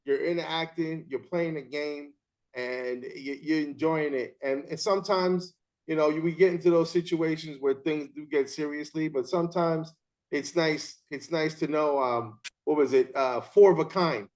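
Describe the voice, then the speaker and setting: A man hosting a casual chat and telling umpiring stories in an animated way, acting out the scenes. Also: fairly high pitch, normal speed. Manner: animated storyteller, acts out scenes. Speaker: interview host and umpire.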